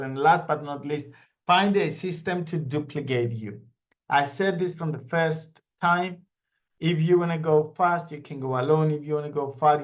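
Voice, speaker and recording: A man giving a motivational seminar talk, emphatic and repetitive, telling anecdotes. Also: a little high. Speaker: network marketing trainer. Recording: dull lo-fi audio.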